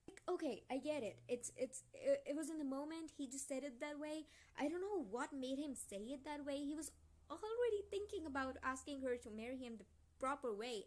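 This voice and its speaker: A young woman vlogging her reactions to a novel, swinging between indignant outbursts and quiet, muttered reading of passages. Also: high-pitched, a little fast. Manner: indignant, exasperated rants. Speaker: book vlogger.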